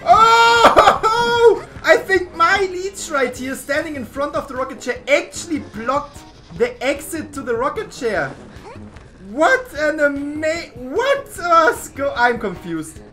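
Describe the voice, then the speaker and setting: A woman narrates her own gameplay in a casual, excitable commentary, swinging between laughter and exasperation. Her voice sits high and bright, with a crisp edge. Faint game music plays underneath. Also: unhurried. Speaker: gaming YouTuber.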